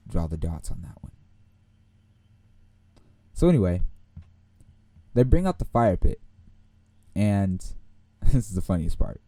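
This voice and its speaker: Low-voiced young man telling a rambling story. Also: dry recording. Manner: rambling, animated, laughs often, acts out voices. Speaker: podcast host. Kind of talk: casual storytelling.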